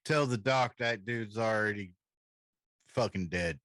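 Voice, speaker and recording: Low-voiced male player, gruff and profane, dry close sound. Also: measured pace, a bit bright, no room sound. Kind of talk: tabletop game chat.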